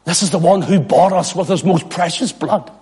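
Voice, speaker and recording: A man preaching a sermon as pastor, dropping to near whispers and rising to ringing shouted cries. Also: high-pitched, normal speed, slightly rough. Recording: long hall reverb.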